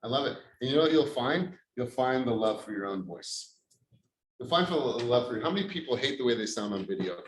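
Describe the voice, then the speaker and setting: A man's voice: medium pitch, animated, brisk, echoey room, poor audio. A man leading a real estate workshop, upbeat and blunt, who swears casually as he pushes his audience. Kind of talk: motivational workshop talk.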